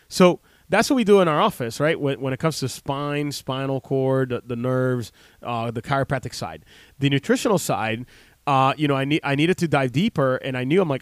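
A man's voice: medium pitch, brisk, no room sound. A man in his thirties, a chiropractor hosting a radio talk show, speaking casually with many fillers and restarts into a close studio mic.

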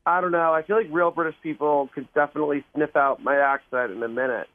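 A man's voice: on the high side, steady tone, fast, no echo. A man from Canada on a phone call to a radio show, sounding sheepish. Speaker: caller. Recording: tinny phone line.

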